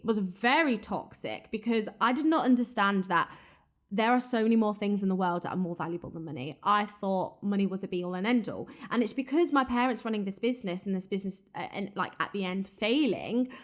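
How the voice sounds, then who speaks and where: Young woman hosting a podcast, candid and chatty, mid-pitched, relaxed solo talk. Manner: candid, chatty, frequent "like" fillers. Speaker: podcast host.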